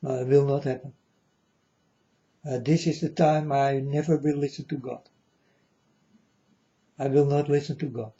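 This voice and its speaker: A man in a rambling monologue to his viewers, earnest and repetitive, with halting non-native phrasing. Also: mid-range voice, little pitch movement, warm tone, muffled recording. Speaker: vlogger addressing viewers.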